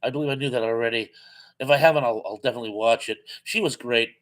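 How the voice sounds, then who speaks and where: A man hosting a live chat, reading out viewer comments and answering them with easy, rambling chatter. His voice is wearing thin and going hoarse. He sits at a middling pitch and fills his pauses with "uh.". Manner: reads viewer comments aloud and responds, chatty with frequent "uh". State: losing his voice.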